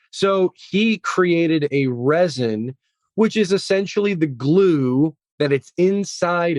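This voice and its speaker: A man's voice: on the high side, dry recording, studio quality. A man co-hosting a casual fishing podcast, explaining gear with enthusiasm and some rambling. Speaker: podcast co-host. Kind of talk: casual chat.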